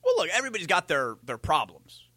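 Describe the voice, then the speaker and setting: A man co-hosting a sports radio show, teasing his partner in dry, deadpan banter. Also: fairly high pitch, fast, no echo. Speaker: radio co-host.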